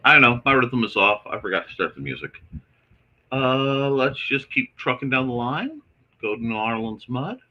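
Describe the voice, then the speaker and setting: A man hosting a casual livestream, chatting to his audience and softly talking to his cat while he draws. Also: medium pitch, very animated, moderate pace, lo-fi sound. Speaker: host.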